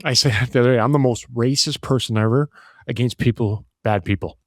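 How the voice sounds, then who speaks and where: A man's voice: mid-range voice, fairly quick, no room sound, clean studio sound. A man talking as a podcast guest, emphatic and full of restarts and "you know". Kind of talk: casual conversation.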